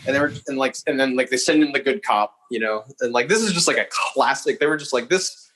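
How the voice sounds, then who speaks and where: A man's voice: medium pitch, fairly bright tone, low-quality recording. A young man telling a story as a podcast guest, rambling casually with lots of fillers and swearing. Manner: swears freely, fast rambling with many fillers.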